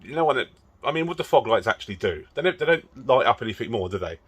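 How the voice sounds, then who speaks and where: A man's voice: medium pitch, big pitch swings, fast, slightly rough. A man casually talking through a car repair, chatty and easily frustrated, working under the car with the camera close to his face. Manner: chatty, frustrated, swears and laughs at himself. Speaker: car modding vlogger. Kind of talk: casual DIY car vlog.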